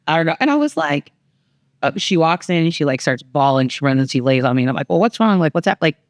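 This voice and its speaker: Middle-aged mom, podcast co-host: lowish voice, dry close mic, lively storyteller who acts out every quote. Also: female voice, fast talker, no echo. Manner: animated storyteller, acts out quotes with big pitch jumps. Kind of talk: candid family conversation.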